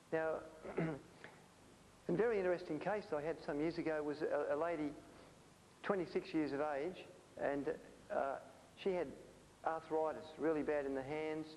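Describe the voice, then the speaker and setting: A man's voice: on the high side, a little mellow. A man delivers a health presentation in a slightly raised voice, telling stories from his practice with frequent "uh"s and restarted phrases. The recording is hissy, and the voice trails off in the long reverb of a hall. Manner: anecdotal storytelling with frequent fillers and restarts. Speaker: natural health lecturer.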